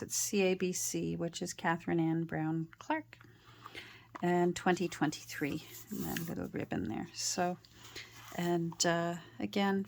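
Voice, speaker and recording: Soft-spoken woman showing handmade journals. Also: on the low side, slight background noise. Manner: gentle, meandering, frequent ums and uhs. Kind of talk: casual show-and-tell narration.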